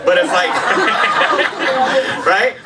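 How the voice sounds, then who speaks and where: Man doing stand-up comedy, high voice, distant mic, loud laughing crowd. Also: animated, very slow, heavy background noise. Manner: rambling, self-deprecating, banters with audience. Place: live show at a women's shelter.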